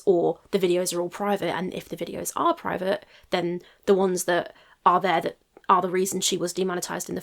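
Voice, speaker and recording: A woman's voice: fairly low pitch, creaky. A woman hosting a reaction channel, giving skeptical casual commentary and thinking aloud with hedges.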